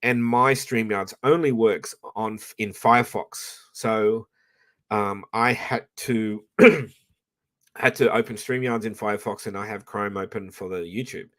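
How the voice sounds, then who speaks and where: A man hosting a livestream rambles and swears, frequently restarting his sentences, speaking into a professional microphone. His voice sits on the low side, with fairly even intonation, an unhurried pace, and a fairly bright tone.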